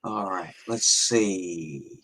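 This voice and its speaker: A man's voice: sits low, very slow, fairly bright tone. A man hosting a livestream talk show, greeting viewers in the chat. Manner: friendly, greets chat by name. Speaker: host.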